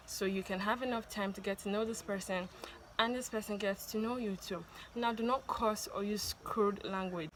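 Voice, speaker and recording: A woman's voice: mid-range voice, a little hiss or hum. A woman vlogger talking to camera, giving first-date advice in a chatty, insistent way and often adding "okay?" and "please". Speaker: vlogger giving dating tips.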